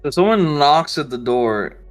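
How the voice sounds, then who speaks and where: A man narrating as game master in a relaxed, casual way. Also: fairly high pitch, measured pace, soft background music.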